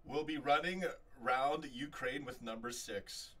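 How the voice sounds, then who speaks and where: A man's voice: mid-range voice, unhurried, recorded from a distance. Rambling man live-streaming fan chat. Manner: animated, rambling, many restarts. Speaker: fan channel host.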